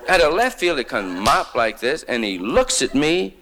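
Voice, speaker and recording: A man's voice: fairly high pitch, very animated, moderate pace, bright, forceful tone, slight background noise. A man from New York doing a wry, rambling stand-up monologue full of hip slang. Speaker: stand-up comedian.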